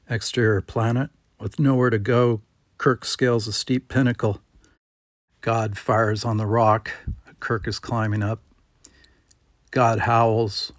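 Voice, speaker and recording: A man reads a screenplay's stage directions aloud at an unhurried pace. His delivery is plain and steady. The sound is dry and close. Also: lowish voice, no room sound. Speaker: script reader.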